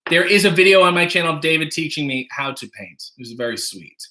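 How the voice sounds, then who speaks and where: A man's voice: a little high, animated, quick pace, bright, forceful tone. A man hosting a casual livestream from his home kitchen, reading viewer donations and tossing off dry, wry jokes while making coffee. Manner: wry, dry joking asides.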